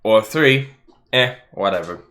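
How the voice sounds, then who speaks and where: A man hosting a casual livestream chat, excitable and swearing freely, laughing often. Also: lowish voice, unhurried. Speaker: stream host.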